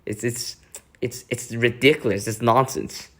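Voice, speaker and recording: A man's voice: mid-range voice, steady tone, measured pace, a bit bright. A young man chatting casually as a vlogger, hesitant and laughing often. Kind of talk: casual chat.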